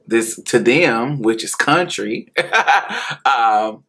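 Man w/ country indiana accent telling his life story, real slow and candid, laughs a lot. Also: medium pitch, animated, sharp tone, husky. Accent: rural Indiana. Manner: slow, candid, laughing often, repeats himself. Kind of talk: personal storytelling.

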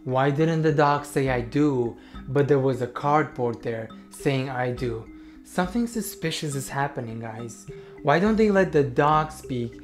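A man's voice: on the high side, expressive, measured pace, faint music behind. A young man reacting to a TV clip in casual, sarcastic commentary, talking straight to his viewers.

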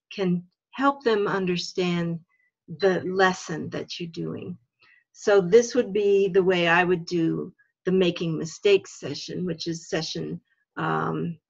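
A woman leading a religious education workshop, explaining ideas slowly and thoughtfully, step by step. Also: on the low side, creaky, breathy edge, lo-fi sound. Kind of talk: workshop talk for teachers.

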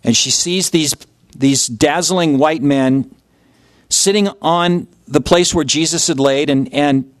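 A pastor with a fairly high male voice preaches through a passage, painting scenes vividly and slipping into the voices of its characters. The sound is dry and close, with little room echo. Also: slow. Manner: vivid storytelling, acts out voices. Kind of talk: expository sermon.

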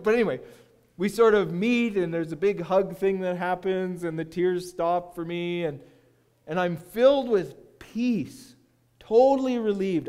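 High-voiced man preaching a sermon. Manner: dramatic storytelling, dropping to a hushed voice at key moments. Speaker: guest preacher. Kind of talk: sermon with personal story.

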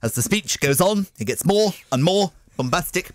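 A man's voice: high voice, animated, normal speed, no echo. A middle-aged man chatting as a guest in a radio studio, telling anecdotes with a chuckle. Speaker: guest impressionist. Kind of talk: radio interview chat. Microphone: studio microphone.

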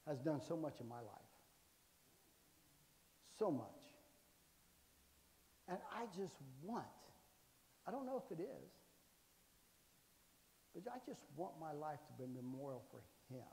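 A man's voice: on the high side, a little mellow, long reverb tail. A man in his sixties, a guest preacher telling jokey, folksy stories in a sermon and often asking "amen". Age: 60s. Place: church sanctuary.

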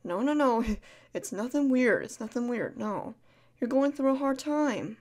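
A woman in a whispered role-play as a caring friend, talking softly and soothingly, repeating comforting words and shushing gently. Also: fairly high pitch, animated, a little slow. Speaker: ASMR creator playing a caring friend.

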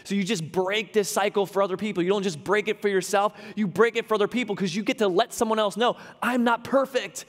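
In a large church hall, a pastor preaches a sermon in a conversational way, slipping in humorous asides. His voice sits high with a steady tone, and he talks quickly with few pauses.

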